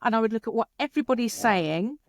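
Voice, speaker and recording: A woman, a creativity expert answering interview questions in an animated, chatty way, with quick asides and playful quotes. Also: fairly high pitch, no room sound.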